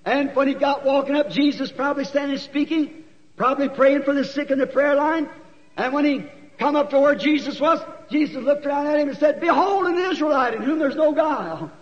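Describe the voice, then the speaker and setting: Folksy preacher, a man with a very high voice, storytelling that climbs to shouts, dull old recording. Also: steady tone, a little fast. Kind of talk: sermon. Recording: dull recording with long hall echo.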